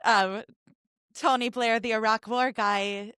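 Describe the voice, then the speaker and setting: A woman hosting a podcast, chatting casually and cracking quick jokes. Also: on the high side, fairly even intonation, fairly bright tone, clear, resonant tone, no room sound, clean studio sound. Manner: jokey, quick with pop-culture quips. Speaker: podcast host. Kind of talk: casual conversational interview.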